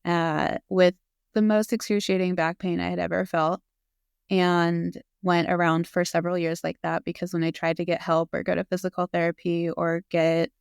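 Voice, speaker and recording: A woman's voice: lowish voice, little pitch movement, moderate pace, gravelly, clear, resonant tone, no echo, clean studio sound. A woman in her thirties, a physician assistant, talking openly and earnestly as a podcast guest, with frequent fillers. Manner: earnest and open, with fillers and laughs. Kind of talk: casual interview conversation.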